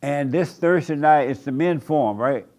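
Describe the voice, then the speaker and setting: A man's voice: on the high side, normal speed, a little mellow. A man preaching a sermon in a church room, blunt and repetitive, with rhetorical questions. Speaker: pastor.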